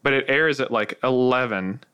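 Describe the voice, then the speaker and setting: A man's voice: mid-range voice, normal speed, clean tone, no room sound, muffled recording. A young man co-hosting a podcast in a laid-back, wisecracking way, swearing casually. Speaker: podcast co-host. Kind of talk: casual banter.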